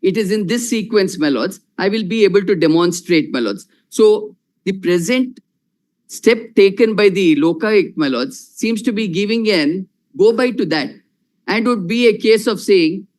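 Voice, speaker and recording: A man with an Indian English accent arguing a case before judges, measured and formal, repeating "my lords" again and again. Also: sits high, lively intonation, a little mellow. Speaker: lawyer arguing in court. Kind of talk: formal courtroom argument.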